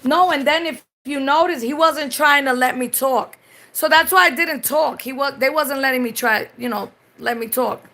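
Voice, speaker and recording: A woman's voice: sits high, moderate pace, pushed and bright. A Puerto Rican woman chatting casually on a live stream. She swears freely and switches between English and Spanish mid-sentence. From Puerto Rico.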